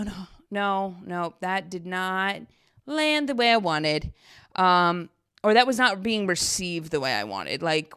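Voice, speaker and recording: A woman in her thirties hosts her own podcast and tells a personal story as a relaxed solo monologue. Her speech is chatty and full of fillers, and she acts out her past self in little quoted asides. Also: mid-range voice, smooth. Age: 30s. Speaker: podcast host.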